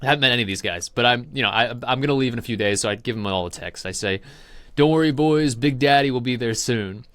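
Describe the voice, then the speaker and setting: A man's voice: mid-range voice, fast talker, fairly bright tone, no echo. A young man hosting a podcast, telling rambling stories in casual chat, laughing often and acting out other people's lines. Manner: rambling storyteller, laughs often, mimics voices. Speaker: podcast host.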